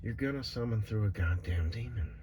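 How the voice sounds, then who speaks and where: A man's voice: on the low side, a little fast, background noise. A man vlogging in a casual, rambling monologue, cursing freely and padding his talk with "you know" and sighs. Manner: meandering, profane, full of "you know" fillers and sighs.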